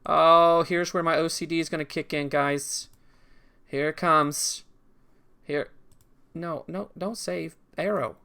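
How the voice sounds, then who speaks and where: A man's voice: a little high, steady tone, slow pace, vocal fry, long pauses, bright, forceful tone, clear, resonant tone. A man streaming a video game in casual commentary, rambling and talking to himself as he goes. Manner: rambling, talks to himself while drawing.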